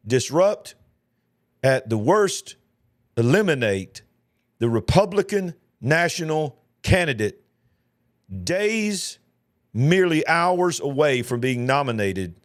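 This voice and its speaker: A man's voice: medium pitch, dry recording, clean studio sound. A man, hosting a live news reaction show, talking in an emphatic, emotional way and repeating himself. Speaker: host.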